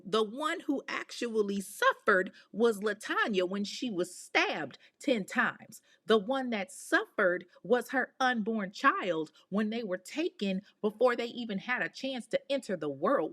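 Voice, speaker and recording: A woman hosting a podcast, telling a true-crime story in a casual, animated way, with outspoken, exasperated asides in slang. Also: mid-range voice. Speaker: podcast host.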